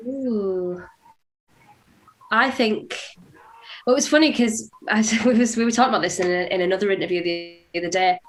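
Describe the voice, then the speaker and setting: A woman's voice: medium pitch, moderate pace, long pauses, a little hiss or hum. A woman from England, an actress chatting on a video call, correcting herself and laughing often. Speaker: actress, interview guest. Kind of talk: casual video-call interview.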